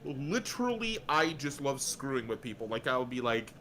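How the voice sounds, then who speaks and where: A man from Florida, a guest on a casual podcast, telling lively stories and swearing freely. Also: mid-range voice, slight background noise. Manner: animated storyteller, slips into quick voices, swears freely.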